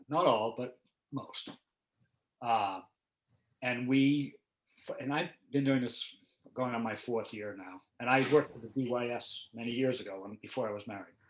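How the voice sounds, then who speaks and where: An older man hosting a casual conversation, telling stories in a measured, thoughtful way with frequent hesitations. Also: mid-range voice, a bit bright, roomy sound. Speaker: host.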